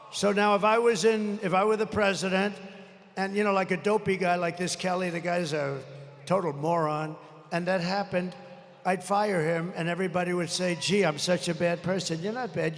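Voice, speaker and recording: A man in his seventies giving a rambling, boastful, combative campaign rally speech, his throat strained from shouting into a podium microphone. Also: high-pitched. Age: 70s. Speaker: presidential candidate. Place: large indoor rally venue. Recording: echoey arena with faint crowd.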